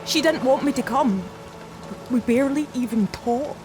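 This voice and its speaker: A woman's voice: high-pitched, moderate pace, close to an everyday voice. An actress playing a young woman diver who pleads with her father in a shaken voice. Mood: pleading. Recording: loud game music behind.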